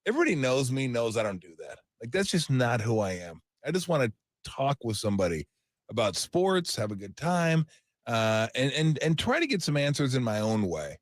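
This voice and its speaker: A middle-aged radio sports host saying an emotional farewell on air, rambling and animated. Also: male voice, mid-range voice, normal speed, no echo, studio quality.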